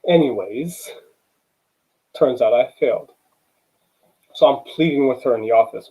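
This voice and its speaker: Husky young man telling a personal story. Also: medium pitch, moderate pace, long pauses, mellow, rough recording. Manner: conversational, repeats "you know" and acts out dialogue. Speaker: student speaker.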